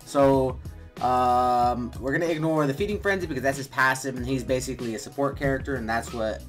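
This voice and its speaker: A man's voice: mid-range voice, fairly quick, faint music behind. Laid-back man talking through a game. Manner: relaxed, rambling, many fillers and restarts. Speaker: gaming video host. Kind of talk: casual game walkthrough commentary.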